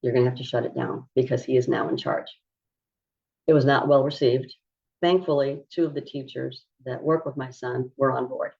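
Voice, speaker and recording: A woman who coaches parents on autism, explaining behavior strategies in a calm, measured teaching style. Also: very deep voice, vocal fry, breathy edge. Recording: dull lo-fi recording.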